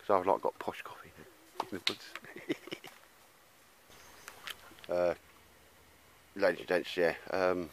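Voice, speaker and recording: Speaking slowly with frequent pauses and fairly even intonation, a low-voiced gear vlogger rambles to a handheld camera in the woods, blokey and calling people mate. Background noise is present.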